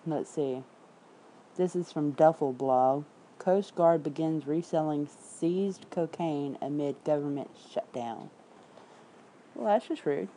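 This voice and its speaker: A low, very dark and mellow-voiced woman from Memphis speaks with a Southern accent. She chats loosely and bluntly to her viewers, tossing in curses and quick asides between the headlines she reads out. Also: a little hiss or hum, rough recording. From Memphis, Tennessee. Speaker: independent writer streaming to viewers. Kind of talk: casual livestream chat.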